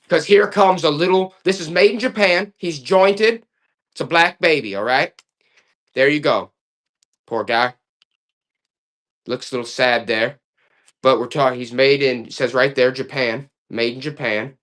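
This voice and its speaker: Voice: mid-range voice, unhurried, pauses often, a bit bright. A live online auction seller running a stream with playful, joking sales banter.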